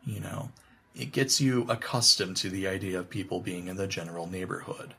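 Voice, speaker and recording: Low-voiced man rambling casually. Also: fairly even intonation, a little fast, vocal fry, sharp tone, husky. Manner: rambling, hesitant, many "you know"s, joking. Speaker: podcast co-host. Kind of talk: casual frank sex-education chat.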